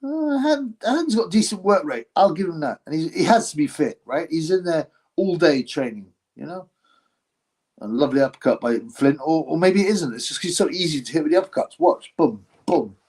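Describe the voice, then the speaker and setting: A man's voice: a little high, animated, fairly quick, darkish tone, husky. A man hosting a live stream, giving blunt, mocking commentary on a boxing match and reading out chat comments. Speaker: livestream host reacting to a boxing fight.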